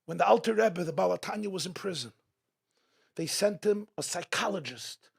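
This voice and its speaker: A man delivers an inspirational talk to a live audience in an event hall. His voice sits a little high and carries a husky, gravelly grain. He drives his points home with strings of repeated rhetorical questions. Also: animated, moderate pace. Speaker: guest speaker at a religious gathering.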